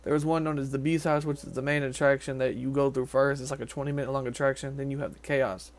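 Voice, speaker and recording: A man's voice: medium pitch, level tone. A young man from Tennessee, talking casually to camera outdoors in a rambling vlog style. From Nashville, Tennessee. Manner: rambling, quick, with fillers and restarts. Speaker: vlogger, haunted house actor.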